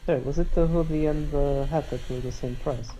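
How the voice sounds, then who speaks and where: A man co-hosting a relaxed stream chat, teasing dryly and dropping short murmured replies. His voice is mellow and dark, a little raised in pitch, over a faint hiss. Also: a little fast, poor audio. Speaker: stream co-host. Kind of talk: casual chat.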